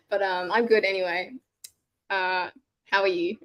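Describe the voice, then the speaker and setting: A woman's voice: mid-range voice, slow pace, dull audio. A woman co-hosting a casual podcast, chatty and full of "like", her voice a little sick. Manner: chatty, lots of "like". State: slightly sick voice. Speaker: podcast co-host. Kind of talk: casual chat.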